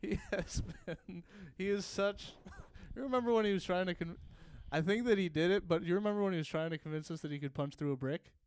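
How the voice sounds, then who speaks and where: A man who is a comedian guest on a casual podcast, joking along with easy, quick asides. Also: high-pitched, a little mellow, smooth, dry recording.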